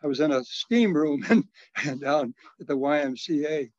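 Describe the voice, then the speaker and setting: Elderly male priest, eighties, halting reminiscing delivery, muffled dry recording. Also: on the high side, expressive, no room sound. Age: 80s. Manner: halting storyteller, frequent restarts and soft chuckles. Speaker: retired Catholic priest and social worker. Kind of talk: reminiscing in an interview.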